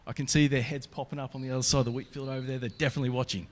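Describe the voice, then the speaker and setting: A man's voice: mid-range voice, flat delivery, racing, long reverb tail, lightly acted. A man doing an eager, casual sidekick. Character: eager adult male follower, casual sidekick.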